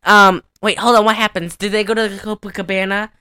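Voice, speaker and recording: A woman's voice: steady tone, brisk, bright, forceful tone. A young woman co-hosting a podcast, recapping a movie in a rambling, giggly chat. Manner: rambling, giggly, sings snatches in falsetto. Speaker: podcast co-host.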